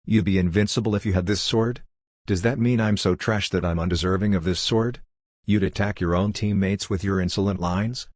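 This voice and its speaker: A man's voice: low voice, fairly even intonation, brisk, a little mellow, dry recording. A man voicing a stern scolding Taoist general. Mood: indignant. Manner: scolding, commanding.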